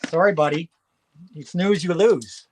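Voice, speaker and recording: A man hosting a live auction from home, chatting casually and excitedly and rattling off long lists. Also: on the high side, a little slow, slight background noise. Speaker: host selling records at a live auction.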